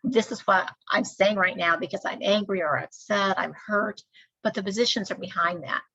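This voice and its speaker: A woman leads a staff training lecture, explaining each point in a steady, measured way. Her voice is gravelly and husky. The recording is dull and lo-fi. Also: mid-range voice.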